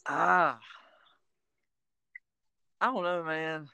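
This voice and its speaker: A man's voice: on the high side, steady tone, drawn-out words, gravelly, clear, resonant tone, no echo. Easygoing young man, dry close sound. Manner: easygoing, trails off quietly at ends. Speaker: podcast co-host. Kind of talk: casual chat.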